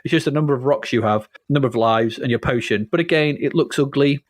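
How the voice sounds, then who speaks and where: A man's voice: medium pitch, fast talker, dry recording. Dryly dismissive man. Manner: dry, dismissive criticism. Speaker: podcast host. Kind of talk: casual retro game review chat.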